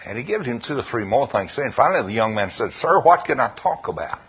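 A man preaching a sermon, telling stories and reading scripture slowly in a lowered voice. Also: big pitch swings, husky. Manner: storytelling, quoting scripture in a slow, lowered voice. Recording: dull lo-fi recording.

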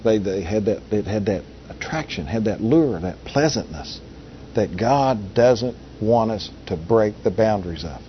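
A man's voice: lowish voice, animated, unhurried. Folksy male preacher, lo-fi recording. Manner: folksy, conversational, asks the audience rhetorical questions. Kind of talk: sermon. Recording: dull lo-fi recording with faint hiss.

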